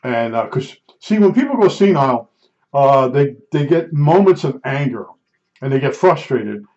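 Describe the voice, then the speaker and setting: A middle-aged man telling a rambling personal anecdote, excitable, restarting sentences and acting out the dialogue. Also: mid-range voice, normal speed. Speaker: storyteller recounting an incident. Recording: dull lo-fi recording.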